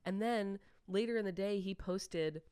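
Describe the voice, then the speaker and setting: A woman podcast host in her thirties trades jokes and stories in relaxed banter, laughing easily. Her voice comes across smooth and crisp, recorded close and dry with no room sound. Her pitch sits in a middle range. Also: dry recording. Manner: joking, laughs often, quick storytelling. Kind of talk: casual comedic chat.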